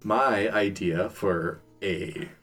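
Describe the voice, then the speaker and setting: A man pitching a silly prank idea on a comedy podcast, rambling and acting out bits of dialogue as he laughs. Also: drawn-out words, music in the background. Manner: rambling, acts out characters, laughs mid-story.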